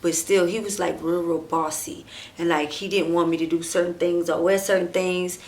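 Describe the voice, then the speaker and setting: A woman telling a personal story on her vlog, talking straight to her viewers with lots of "like" and "and stuff", acting out what people said and dropping to a hushed near-whisper at tense moments. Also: fairly low pitch. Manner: animated, talks straight to viewers and acts out quoted dialogue; drawn-out fillers and frequent "like", "and stuff". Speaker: storytime vlogger. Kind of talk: casual storytime chat.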